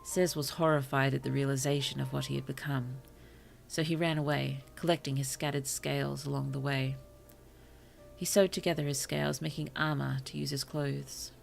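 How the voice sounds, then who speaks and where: A woman streamer reading short stories aloud to her chat, slow and careful, with apologetic asides between passages. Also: rumbling low, fairly even intonation, creaky, faint music behind. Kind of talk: story reading on a livestream.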